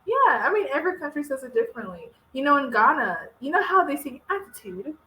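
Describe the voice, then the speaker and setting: A woman from the Congo reacts on camera in lively, casual conversation, laughing as she goes. Her voice is bright and swings widely in pitch. The room around her is echoey. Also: fast. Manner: animated, laughs often. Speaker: co-host of a reaction channel. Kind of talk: casual chat.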